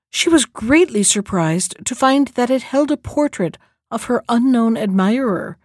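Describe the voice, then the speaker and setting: A woman reading a fairy tale aloud in a calm, measured storybook manner. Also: a little high, dry recording, clean studio sound.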